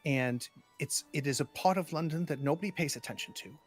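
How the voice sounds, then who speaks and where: A man voicing an earnest young woman who speaks in a rushed, stumbling way. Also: fairly high pitch, soft background music, lightly acted. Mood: indignant.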